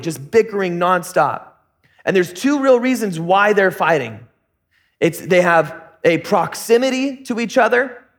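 A man preaching a casual sermon, telling stories in a relaxed, joking, slangy way. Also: sits high. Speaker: pastor.

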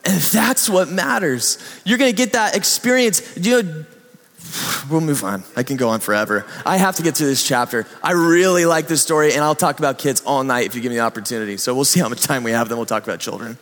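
A man preaching a sermon, telling stories in an animated way and acting out little voices. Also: a little high, quick pace, long reverb tail. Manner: animated storytelling, acts out voices. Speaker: pastor.

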